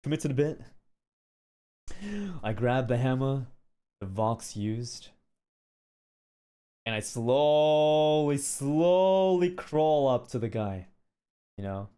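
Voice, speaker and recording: Slow-talking animated male streamer. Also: medium pitch. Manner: animated, shouting sound effects and repeating "okay?". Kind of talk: casual storytelling on a livestream.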